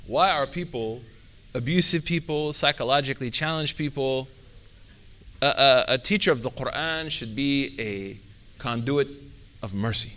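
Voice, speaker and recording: A man's voice: mid-range voice, bright, forceful tone. A man, an Islamic teacher, giving a conversational religious talk, full of fillers and sprinkled with Arabic phrases.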